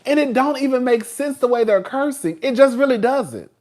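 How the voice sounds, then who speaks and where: A man's voice: very high voice, normal speed, a little mellow. A man hosting a casual live stream. He rambles, talks with sass and laughs often as he chats with his viewers. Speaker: show host reviewing TV.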